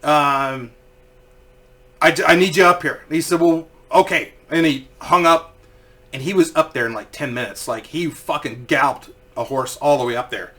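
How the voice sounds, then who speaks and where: A man's voice: mid-range voice, normal speed. A man casually telling a story, swearing freely and acting out what people said. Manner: profane, animated, acts out quoted voices.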